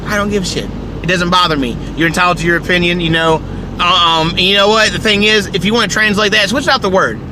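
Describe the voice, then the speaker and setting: A man's voice: high voice, quick pace, noisy background. A man with a Kentucky accent hosting a podcast, ranting in casual, profane, rambling talk. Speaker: podcast host.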